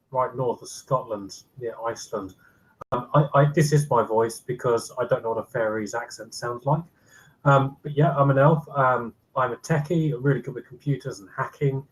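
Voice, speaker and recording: A man's voice: medium pitch, natural voice, poor audio. A man voicing an introverted young male elf hacker in his own plain voice, rambling a little with fillers. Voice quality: plain own voice, no accent put on.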